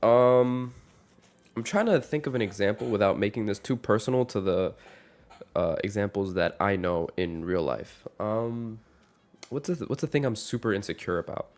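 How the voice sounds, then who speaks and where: A man's voice: on the low side, normal speed, darkish tone. A young man giving a casual rant to camera, rambling and correcting himself as he goes, with a wry tone. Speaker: vlogger.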